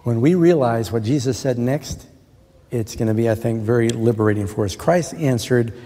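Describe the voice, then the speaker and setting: A man preaching a sermon in an earnest way, asking rhetorical questions and slowing down to quote scripture. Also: mid-range voice, warm tone. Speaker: pastor. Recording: long reverb of a large hall.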